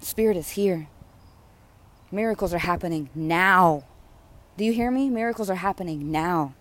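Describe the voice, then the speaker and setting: A woman's voice: lowish voice, normal speed. A woman delivering an impassioned, rhythmic spiritual sermon, repeating phrases with growing fervor. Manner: repetitive, rhythmic, fervent preaching. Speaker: spiritual speaker.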